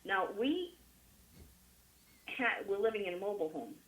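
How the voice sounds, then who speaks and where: A woman's voice: medium pitch, very animated, moderate pace, fairly bright tone, rough recording. A middle-aged woman from Rhode Island with a strong Rhode Island New England accent, chatty and emphatic, talking as an interview guest. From Rhode Island, USA. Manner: chatty, emphatic, laughs often. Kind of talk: conversational interview.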